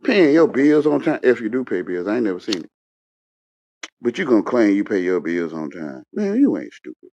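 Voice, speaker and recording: A man rants and scolds, repeating himself as he swings between loud outbursts and low mutters. His pitch jumps around a lot. The audio is dull and lo-fi. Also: very animated, fairly quick. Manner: repetitive, confrontational, swings from shouting to muttering. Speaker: panel speaker. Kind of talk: heated casual rant. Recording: dull lo-fi sound.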